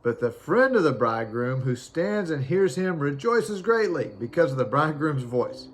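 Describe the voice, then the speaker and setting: A man's voice: fairly high pitch, big pitch swings, normal speed. A man preaching an informal sermon, reading scripture aloud with frequent fillers and restarts.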